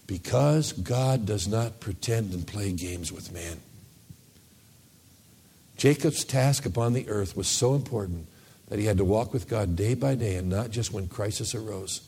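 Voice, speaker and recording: A man's voice: on the low side, measured pace, mellow. A man preaching a sermon to his church in a conversational style, sometimes acting out the voices of people praying. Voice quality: gravelly. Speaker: pastor.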